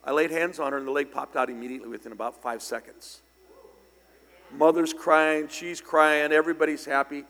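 An older man preaching a storytelling sermon, speaking conversationally with sudden loud, emphatic bursts. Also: on the high side, fairly even intonation, a little fast, creaky. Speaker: pastor. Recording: long church hall reverb.

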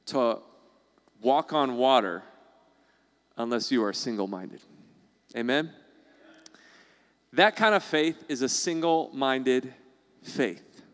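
A man's voice: fairly high pitch, big-room sound. A man preaching a sermon as pastor, in a conversational way, acting out the voices of the people he quotes.

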